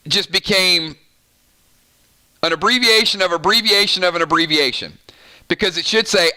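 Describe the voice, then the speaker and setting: A man's voice: high voice, animated, moderate pace, pushed and bright. A man with a Southern American accent, hosting a casual live-stream chat and playfully arguing opinions with viewers. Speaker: gaming channel host.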